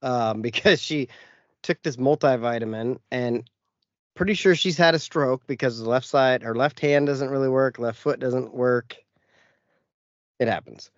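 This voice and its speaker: A casual podcast host with an ordinary male pitch rattles off a profane story about a run-in with family, acting out every quoted line with animation. The recording is dry, slightly dull and lo-fi, with no room sound.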